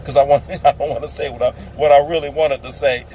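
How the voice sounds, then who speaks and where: A man's voice: fairly high pitch, steady tone, fast talker, mellow, rough recording. Fiery ranting man, faint street noise. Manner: preachy, emphatic, repeats phrases for effect. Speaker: political vlogger. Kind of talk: impassioned political rant to camera.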